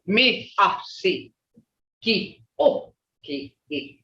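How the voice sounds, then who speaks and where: A teacher sounds out syllables in an unhurried drill, bright and clear in tone. The audio comes from a video call, roomy and muffled, with the speaker a little away from the mic. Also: medium pitch, lively intonation. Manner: slow, drawn-out syllable drilling. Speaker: language teacher. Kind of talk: online language class.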